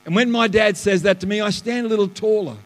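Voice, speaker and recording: A man, a pastor preaching a lively sermon that swings between loud bursts and hushed asides, in a church auditorium. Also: high voice, quick pace, soft background music. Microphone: live stream stage mic. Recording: live church hall reverb.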